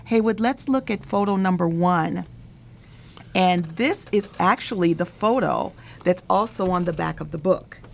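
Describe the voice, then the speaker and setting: A woman's voice: lowish voice, a little slow, creaky, a little hiss or hum. Chatty woman hosting a talk show. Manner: chatty, laughs easily, repeats words as she goes. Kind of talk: hosting an interview show with callers.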